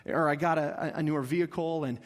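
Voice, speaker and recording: Pastor, thirties, male, high voice; lively preaching with acted asides, church hall echo. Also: fairly quick. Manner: animated preaching with acted-out asides and crowd prompts. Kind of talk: sermon. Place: church auditorium. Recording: long reverb of a large hall.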